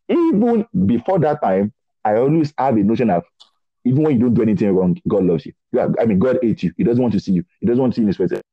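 Husky young man telling a testimony. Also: on the low side, dry recording. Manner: animated storytelling, acts out dialogue, repeats words. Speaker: guest preacher. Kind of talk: testimony in conversation. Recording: dull lo-fi dry sound.

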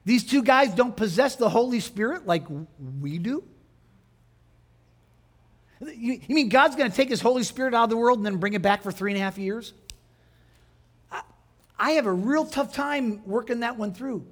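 Man, pastor, high voice, sermon, questions to the congregation, emphatic. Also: normal speed, long pauses. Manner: conversational preaching with rhetorical questions to the congregation.

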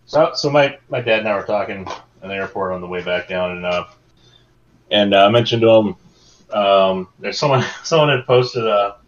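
A man with a fairly low voice chats casually on a podcast and wanders through his stories in a rambling way. The sound is dull and lo-fi. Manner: rambling, meandering storytelling. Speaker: podcast co-host.

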